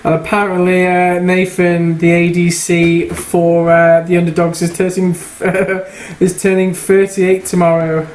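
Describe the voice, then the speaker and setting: Flat-toned man co-casting. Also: high voice, measured pace, hardly any pauses, a little hiss or hum. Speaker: co-caster. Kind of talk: casual game commentary.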